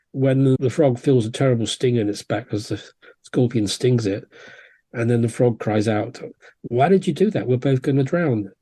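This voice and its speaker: Man, podcast guest, storytelling, acts out quotes, mellow warm tone. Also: mid-range voice. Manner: relaxed, anecdotal, acts out quotes. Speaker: homeopath guest. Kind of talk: conversational storytelling.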